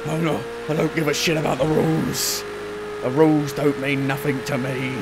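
A man doing gameplay commentary, excitable, swearing at the game and laughing at himself. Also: fairly high pitch, moderate pace. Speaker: gaming video creator. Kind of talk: let's-play gameplay commentary. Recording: racing car engine noise behind. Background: car engines from the game.

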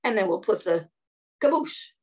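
A woman reading and singing to young children in a gentle voice, often asking them questions and clearing her throat. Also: mid-range voice, lively intonation, moderate pace. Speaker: children's storyteller.

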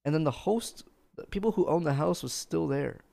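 A male streamer telling a profane, animated story in casual chat. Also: fairly high pitch, moderate pace, creaky.

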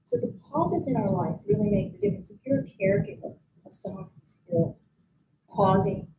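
A woman leads a mindfulness practice with a calm, gentle delivery, pausing often between phrases. Her voice is mellow, and her pitch rises and falls in lively swings. A faint hum of background noise sits behind her. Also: creaky, rough recording. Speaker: mindfulness instructor. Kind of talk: guided mindfulness teaching at a conference. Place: conference room.

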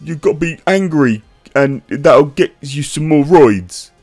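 A man puts on a sneering male internet troll, pitched well above his own deep voice. The whiny, mocking sing-song swings widely, and the sound is dry and close. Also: animated, measured pace, a little mellow, no echo, faint music behind. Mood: taunting.

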